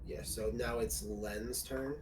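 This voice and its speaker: Game master, man, easygoing and halting, mid-pitched, recorded at a distance with a faint hiss. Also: roomy sound. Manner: relaxed, hesitant, many fillers. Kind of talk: narrating a tabletop game.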